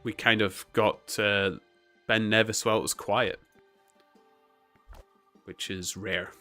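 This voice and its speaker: A man's voice: lowish voice, fairly even intonation, takes it slowly, bright, forceful tone, faint music behind. A man chatting casually while streaming a game, rambling through laid-back stories with plenty of filler. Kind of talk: casual chat while gaming.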